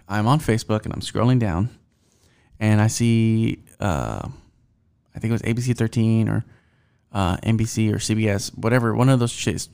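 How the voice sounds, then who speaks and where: A young man runs a casual solo podcast. His voice is somewhat low and gravelly with fry. He rambles loosely, swears freely and fills his talk with ums and restarts. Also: a little mellow. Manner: profane, rambling, with many fillers. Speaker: podcast host.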